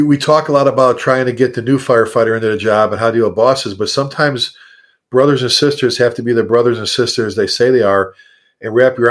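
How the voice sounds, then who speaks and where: A man hosting a casual podcast chat, telling stories in an animated way and acting out quoted lines. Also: mid-range voice. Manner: animated storyteller, acts out quotes.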